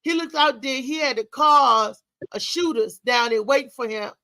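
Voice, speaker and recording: A middle-aged woman hosting a talk show, telling a personal story in a candid, emphatic, animated way. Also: high-pitched, moderate pace, no room sound, rough recording.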